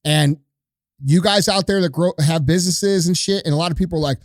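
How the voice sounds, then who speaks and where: Casting: male host, lecturing and profane, slightly high voice, dry mic. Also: brisk, dry recording. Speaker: podcast host. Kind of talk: opinionated rant.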